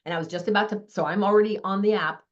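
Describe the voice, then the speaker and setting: Quick-talking, chatty woman host. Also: mid-range voice, muffled recording. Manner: chatty storyteller acting out dialogue. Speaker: meeting host. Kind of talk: casual group sharing.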